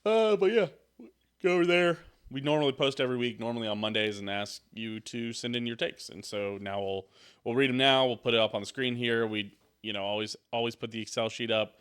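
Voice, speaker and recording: Brief: male co-host, middle-pitched voice, casual football banter with casual cursing. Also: normal speed, fairly bright tone, clear, resonant tone. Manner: loose, joking, swears freely. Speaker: podcast co-host. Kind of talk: casual sports chat.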